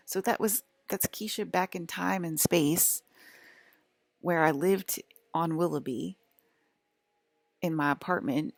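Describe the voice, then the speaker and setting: A woman with a low, gravelly voice talks straight to her viewers in a loose, wandering way, stringing thoughts together with constant "like"s. The sound is dry and close, with no room around it. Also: slow pace, pauses often, no room sound. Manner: rambling, full of "like" fillers. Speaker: vlogger. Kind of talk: casual monologue to viewers.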